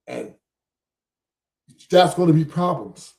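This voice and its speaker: A man running a live debate show, insistent and methodical as he pushes back on a caller. His voice sits a bit high for a man, and he keeps interrupting to break the argument down step by step. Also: moderate pace, reverberant. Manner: insistent, keeps cutting in to walk points through. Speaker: live stream host. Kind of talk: casual debate talk show.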